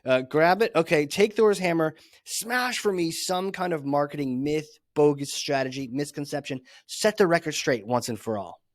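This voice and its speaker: A man's voice: on the high side, animated, normal speed, few pauses, no echo, clean studio sound. A man hosting a podcast, talking in a hyped, playful way with casual swearing and banter. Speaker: podcast host. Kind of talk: energetic podcast interview.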